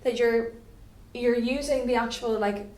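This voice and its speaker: A woman's voice: on the high side, steady tone, unhurried, a little mellow. A woman, teaching exam tips in a chatty way and checking in with "okay?" often. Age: 20s. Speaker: French teacher. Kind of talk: exam tutorial lesson. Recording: echoey room with faint background noise.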